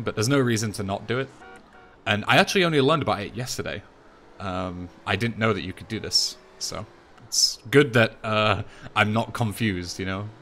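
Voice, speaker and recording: A young man with an English accent, talking through a speedrun tutorial voice-over in a relaxed, chatty way, with plenty of fillers and restarts. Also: lowish voice, slight background noise. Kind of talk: casual game tutorial voice-over.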